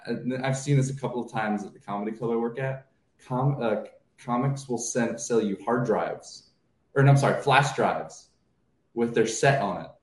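A man's voice: mid-range voice, moderate pace. A man co-hosting a casual comedy chat, telling stories and acting out other people's lines. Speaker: co-host, stand-up comic. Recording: roomy echo.

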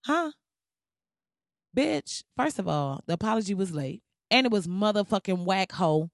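A woman's voice: mid-range voice, lively intonation, unhurried, vocal fry, no echo, clean studio sound. Fiery, sarcastic woman ranting on camera. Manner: heated, sarcastic, heavy swearing. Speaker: vlogger. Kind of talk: profane commentary rant.

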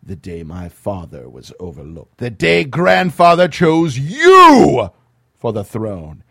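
A man voicing a calm, controlled young prince in a comedic script read, speaking slowly and gravely. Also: medium pitch, dry recording, studio quality, heavily acted. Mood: cold, resentful.

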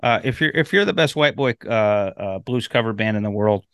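A man's voice: fairly low pitch, animated, normal speed, fairly bright tone, clear, resonant tone, dry recording, clean studio sound. A man co-hosting a podcast, chatting casually with many fillers, restarts and some swearing. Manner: rambling with many fillers and profanity. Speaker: podcast co-host. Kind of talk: casual chat.

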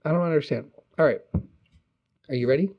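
A man's voice: on the high side, brisk. A man co-hosting a casual chat, laid-back and heavily profane, often acting out quotes. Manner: laid-back, heavy swearing, acts out quotes. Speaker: podcast co-host. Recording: slightly dull lo-fi mic.

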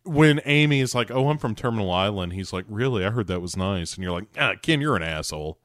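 A man's voice: fairly low pitch, fast, no echo, studio quality. A man co-hosting a podcast, casually recapping a TV episode and acting out the characters' lines with lots of swearing. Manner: animated, acts out characters' lines in bursts, swears freely. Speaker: podcast co-host recapping a TV show. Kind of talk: casual chat.

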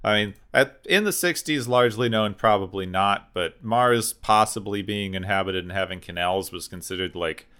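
Podcast co-host, male, low-ish bright voice, rambling recaps. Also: moderate pace, few pauses, clean tone. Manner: recaps plot in long run-on sentences. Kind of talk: casual podcast discussion.

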